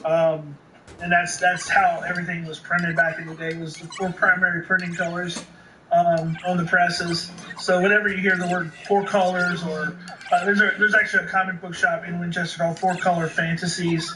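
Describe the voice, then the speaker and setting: A man's voice: sits high, little pitch movement, normal speed, sharp tone. A man guest on a podcast, chatting casually and hesitantly, often restarting his sentences. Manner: hesitant, rambling with many restarts. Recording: echoey room, distant noisy mic.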